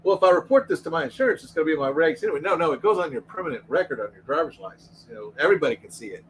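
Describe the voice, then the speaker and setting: A fast-talking man with a fairly high voice co-hosts a casual livestream and tells rambling stories from his police days, tripping over his words as he goes. A faint hum runs under his voice. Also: big pitch swings, low-quality recording. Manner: rambling storytelling with repeated restarts. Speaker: co-host, former police officer.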